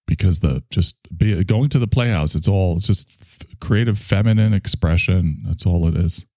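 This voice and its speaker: A man's voice: low-pitched, moderate pace, a little mellow, dry recording, studio quality. A man hosting a stream, talking in a rambling, self-reflective way and swearing freely. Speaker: stream host. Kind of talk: casual monologue to an online audience.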